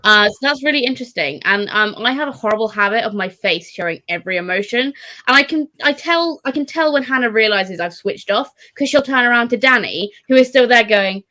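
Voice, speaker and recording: A young woman teasing her co-host in a relaxed book chat. Her voice is bright and forward, and her pitch swings widely. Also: brisk, rough recording. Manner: teasing, playful. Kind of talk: casual chat.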